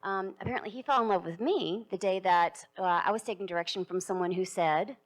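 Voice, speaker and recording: A woman's voice: medium pitch, fairly quick. A woman voice actor speaking on a conference panel in a playful, easy way. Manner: playful, laughs often.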